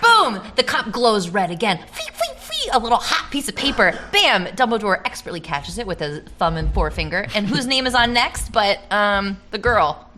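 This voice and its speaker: A woman cohosting a comedy podcast, improvising narration playfully with deadpan asides. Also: medium pitch, a little fast, hardly any pauses, slight background noise.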